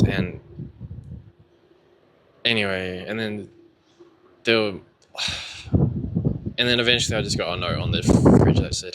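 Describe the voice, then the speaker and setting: A man's voice: on the low side, measured pace, long pauses, noisy background. A young man telling his own story in a casual, rambling way, candid, with lots of fillers and swearing.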